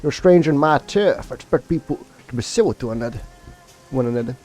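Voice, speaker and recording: A man's voice: expressive, fast, dark tone, soft background music, natural voice. A man voicing a small, fierce and prickly female orc from a video game, reading her lines aloud in a raised voice. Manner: read aloud from on-screen dialogue, raised pitch.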